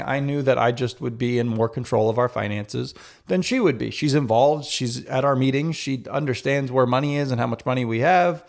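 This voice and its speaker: A man's voice: mid-range voice, gravelly. A married man hosting a podcast, talking candidly and self-critically and speaking directly to the men listening. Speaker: podcast host. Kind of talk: casual solo podcast talk.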